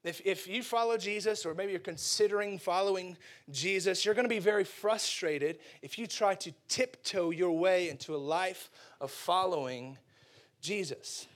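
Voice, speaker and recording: A man preaching a lively, casual sermon, acting out characters and using slang. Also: high voice, moderate pace.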